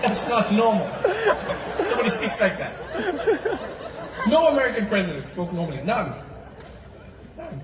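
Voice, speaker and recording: An animated male comedian doing stand-up, hammering punchlines with mocking repetition. His voice runs fairly high and is heard from a distance in an echoey venue. A loud audience laughs throughout. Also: normal speed, long pauses, crowd noise, noisy background. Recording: echoey live club recording, loud audience.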